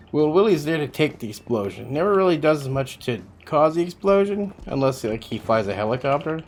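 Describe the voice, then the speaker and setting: A man's voice: mid-range voice, a little mellow. A man streaming a game, chatting casually with viewers while he plays, rambling and swearing freely. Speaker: livestreamer.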